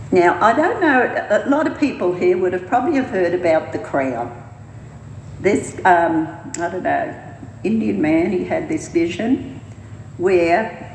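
A woman's voice: fairly low pitch, slight background noise. A woman giving an informal sermon at a church meeting. She rambles and hesitates, with many fillers and restarts. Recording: roomy hall reverb, faint ambience.

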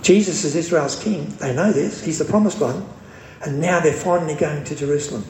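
A man preaching a sermon, emphatic and slowing down to stress quoted scripture. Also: a little high, darkish tone, echoey room, a little hiss or hum, rough recording.

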